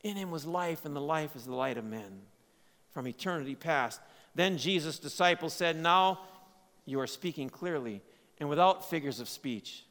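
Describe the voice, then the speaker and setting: A man preaching a sermon, swinging between loud emphatic lines and quiet, low asides. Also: expressive, moderate pace. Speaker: pastor. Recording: long hall reverb.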